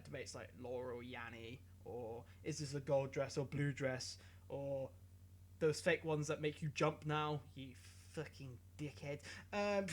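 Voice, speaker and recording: A young man hosting a comic news vlog, rambling and giggling as he mocks himself and swears casually. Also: on the high side. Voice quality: giggly, animated, self-mocking, swears casually. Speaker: YouTube host.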